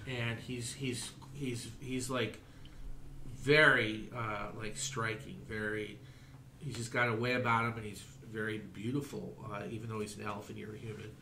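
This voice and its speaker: A man narrating a tabletop game as game master, in slow, halting narration. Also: lowish voice, flat delivery, bright, forceful tone, slight background noise. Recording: roomy echo.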